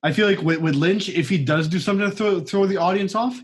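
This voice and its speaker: A man's voice: high voice, fast talker. A man chatting casually about films, hesitant and full of fillers. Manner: hesitant, filler-heavy, calls people bro. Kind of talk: casual chat about film.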